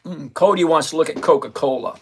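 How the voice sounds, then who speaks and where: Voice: medium pitch, fairly quick, breathy edge. A livestream host chatting casually about covered calls, joking and greeting viewers by name. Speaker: livestream host on stock options. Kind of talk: casual live chat, reading viewer names.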